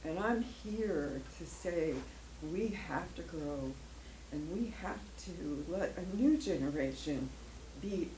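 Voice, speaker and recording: A woman's voice: on the low side, animated, slow pace, mellow. An older woman giving an emotional personal testimony as a guest speaker at a church, rambling a little and laughing often. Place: church hall. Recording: echoey room, faint noise.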